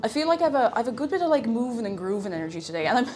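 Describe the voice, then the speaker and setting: A woman's voice: fairly high pitch, very animated, very fast, darkish tone. A young woman chatting with her stream chat in a playful, bubbly way, a little out of breath. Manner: bubbly, playful, sing-song asides. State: slightly out of breath. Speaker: livestreamer. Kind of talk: casual stream chat, reading chat aloud. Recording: music playing behind the voice.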